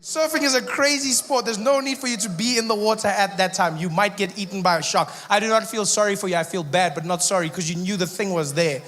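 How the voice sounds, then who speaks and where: A man performing stand-up on a stage, talking in a wry manner that keeps halting and restarting with asides. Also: sits high, a bit bright. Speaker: stand-up comedian. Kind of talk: stand-up comedy set. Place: comedy stage in a large venue. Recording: reverberant hall, faint ambience.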